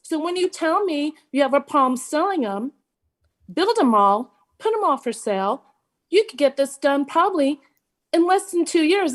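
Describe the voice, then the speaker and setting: Casting: high-pitched woman, blunt and fed up, city meeting public comment. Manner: frustrated, emphatic, blunt.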